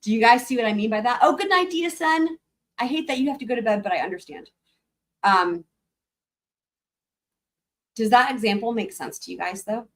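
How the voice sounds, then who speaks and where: A woman's voice: fairly high pitch, a little fast, long pauses, a bit bright. A woman hosting a casual live stream, talking to her chat in a rambling way with many fillers. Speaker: livestream host.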